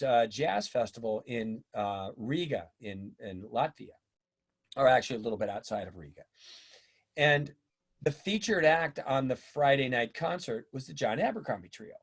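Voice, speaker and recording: A middle-aged man telling stories in a casual interview, animated and acting out the voices of people he quotes. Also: mid-range voice. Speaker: drummer and teacher, interview guest.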